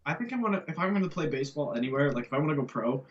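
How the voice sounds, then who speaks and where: A man's voice: fairly high pitch, big pitch swings, racing, lo-fi sound. A young man in casual podcast chat, crude and rambling.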